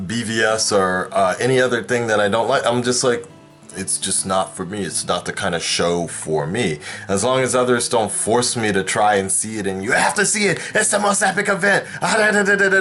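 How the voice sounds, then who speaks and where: Speaking at a medium pitch with a touch of brightness, this man runs his own reaction vlog on YouTube. He talks loosely toward a distant camera mic, wandering off track with plenty of fillers and false starts.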